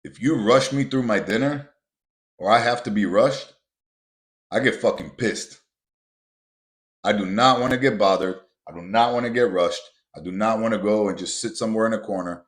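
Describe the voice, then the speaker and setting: Blunt, profane deep-voiced man. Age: adult with children. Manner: blunt, profane, builds to loud emphatic rants. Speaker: podcast host. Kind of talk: motivational podcast monologue.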